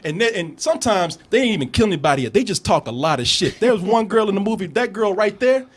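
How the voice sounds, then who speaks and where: A man with a high, slightly husky voice hosts a casual movie review podcast. His pitch leaps around as he jokes, laughs and acts out scenes. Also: fast. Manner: animated, laughing, quotes characters in exaggerated voices.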